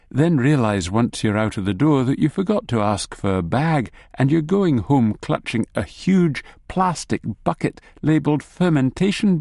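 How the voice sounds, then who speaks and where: A man's voice: mid-range voice, dark tone, dry recording. A man narrating an audiobook in the second person with a wry, dry humour.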